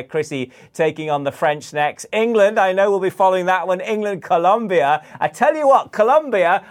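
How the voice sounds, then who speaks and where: A man delivering a lively sports news report with effusive enthusiasm. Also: high-pitched. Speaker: sports correspondent.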